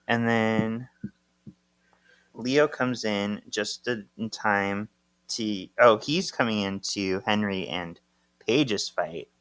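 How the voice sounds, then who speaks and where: A man's voice: slow pace, fairly bright tone, no echo. Dry-voiced man recapping a comic. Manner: reads comic dialogue aloud, acting out characters with big swings up in pitch. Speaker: podcast co-host. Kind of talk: casual podcast recap.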